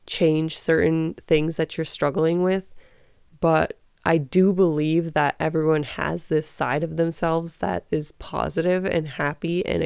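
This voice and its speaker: A woman's voice: low-pitched, creaky, darkish tone, smooth, no room sound, studio quality. A woman in her thirties telling a candid personal story in a chatty vlog, with lots of fillers. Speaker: vlogger.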